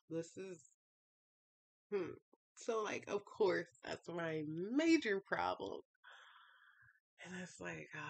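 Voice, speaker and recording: A woman's voice: fairly low pitch, vocal fry. A woman vlogger talking casually and emotionally about her feelings, sighing often and rambling with many fillers. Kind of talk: casual confessional talk.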